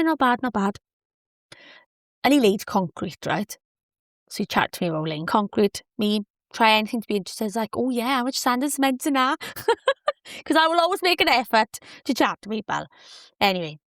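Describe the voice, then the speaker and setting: A woman hosting a solo podcast, telling a dating story in a chatty, animated, self-deprecating way with lots of quoted asides. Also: medium pitch, no echo, clean studio sound. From Wales. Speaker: podcast host.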